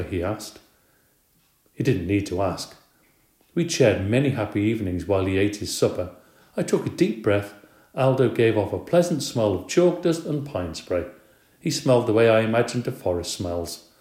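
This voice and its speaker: Male audiobook narrator, low mellow voice, gently expressive, echoey room. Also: normal speed. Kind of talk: scripted narration. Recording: roomy echo.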